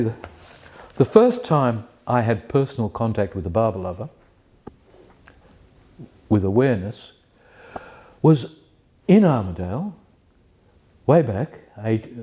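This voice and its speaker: Hesitant man with a mellow voice. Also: medium pitch, big pitch swings, breathy edge. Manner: hesitant, many restarts and fillers, self-deprecating; slow, measured recitation of verse. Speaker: community member sharing a personal story. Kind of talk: halting personal storytelling, then poetry reading.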